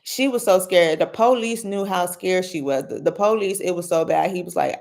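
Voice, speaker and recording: Woman, casual commentary host, chatty, slangy, animated storyteller. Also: fairly low pitch, fairly quick, hardly any pauses. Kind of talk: casual late-night commentary.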